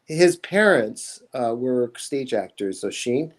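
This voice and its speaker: A man's voice: mid-range voice, lively intonation, takes it slowly. Man chiming in with film trivia. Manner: chimes in with agreement and film trivia. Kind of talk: casual chat.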